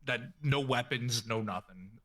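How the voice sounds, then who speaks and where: A man's voice: mid-range voice, unhurried, a bit bright. A man playing a tabletop game who describes his character in a rambling way full of fillers. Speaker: player. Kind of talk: casual in-character play.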